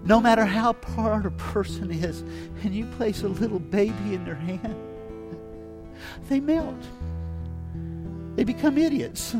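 A man with a high voice preaches a sermon, moving from soft, drawn-out reflection to loud, emphatic bursts. A faint guitar plays under his words. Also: expressive. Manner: dramatic, swings from hushed to loud and emphatic.

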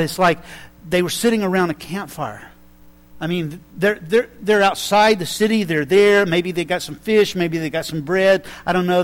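A man preaching a sermon, swinging from hushed, slow lines to loud, excited ones and acting out quotes. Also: fairly high pitch.

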